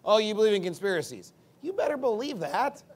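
His voice slightly high for a man and husky, a combative preacher drives every point of his sermon hard, alternating loud, punchy bursts with low, muttered asides and sarcastic jabs. He's very animated and fairly quick, with big swings in pitch and loudness.

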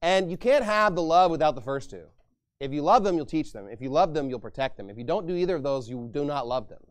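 A man's voice: a little high, expressive, fast. A man pastor preaching a sermon in an emphatic, repetitive style.

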